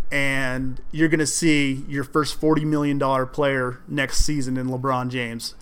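A man hosting a solo sports podcast, talking in an animated, emphatic way and mocking fans' complaints. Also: mid-range voice, unhurried, few pauses, clear, resonant tone. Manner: animated, emphatic, mocking quoted fans in exaggerated voices. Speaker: podcast host.

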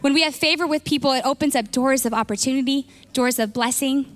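A woman pastor preaching a sermon, retelling a story with lively acted-out dialogue and frequent restarts. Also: high voice, quick pace. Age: young adult.

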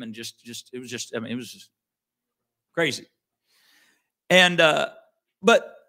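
A man's voice: on the high side, bright, forceful tone. A middle-aged man, a pastor, telling a story in an earnest, conversational sermon with frequent restarts.

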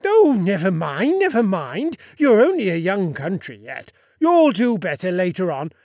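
In a heavily acted audiobook character voice pitched above his own, a man plays a pompous, boastful little Sultan, bossy and self-satisfied. His voice sits high and darkish, swinging hugely in pitch at a measured pace. The recording is studio quality with no echo.

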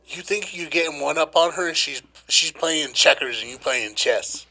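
Gravelly, bright-voiced man in his thirties. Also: fairly high pitch, normal speed. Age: 30s. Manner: slangy, profane, rambling. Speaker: podcast co-host. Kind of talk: casual chat.

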